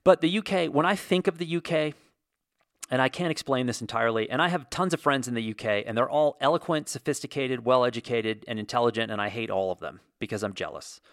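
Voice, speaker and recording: A man's voice: mid-range voice, fast, dry recording, clean studio sound. A man from the United States hosting a vlog, giving an opinionated monologue in a ranting, sarcastic way with lots of fillers. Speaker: video host.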